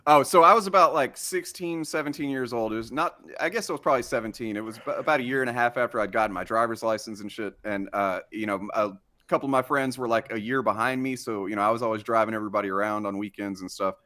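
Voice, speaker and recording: Fast-talking man from South Texas, rambling. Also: mid-range voice, bright, forceful tone, no room sound, studio quality. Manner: rambling, profane, many fillers. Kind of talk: casual storytelling chat.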